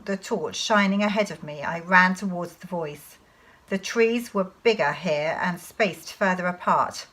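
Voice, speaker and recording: A woman teacher reading a children's novel aloud to her class in an expressive storytelling manner. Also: lowish voice, rough recording.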